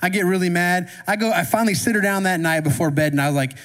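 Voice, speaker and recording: This pastor speaks fast and in a steady tone, his high-pitched voice a bit bright. He preaches conversationally, questioning the congregation, while the church hall's long reverb trails behind his words.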